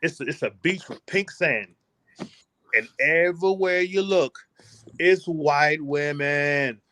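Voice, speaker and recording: A man from the United States, a podcast guest and travel vlogger, talking in a casual interview with boastful, animated, slangy storytelling. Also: a little high, slow pace.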